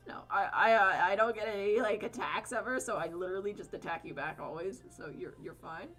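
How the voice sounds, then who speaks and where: Female streamer, bright voice; loose, chatty, profane live-stream banter while drawing. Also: medium pitch, fairly quick, hardly any pauses, soft background music. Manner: rambling, chatty, swears freely.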